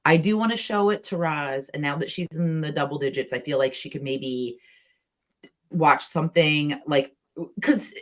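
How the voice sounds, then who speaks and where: A woman hosting a podcast, chatting casually and enthusiastically with plenty of "like" and quick laughs. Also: deep voice. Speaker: podcast host. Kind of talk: casual chat.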